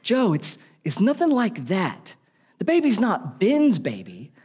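A man's voice: high-pitched, wildly swooping pitch, measured pace, a little mellow, slightly rough, pitched above the performer's own voice, full character voice. A man voicing young Mary in a sermon, a nervous teenage girl confessing hesitantly. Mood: pleading.

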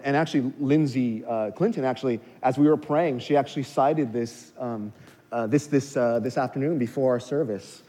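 A male pastor preaching a sermon, swinging from hushed intensity to loud, high exhortation, on a clip-on mic in a church. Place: church sanctuary. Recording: long hall reverb.

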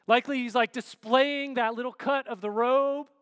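A man preaching a sermon in a relaxed, conversational way, often checking in with "right?" and filler "like". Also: extremely high pitch, moderate pace, clear, resonant tone, no room sound, in a large hall.

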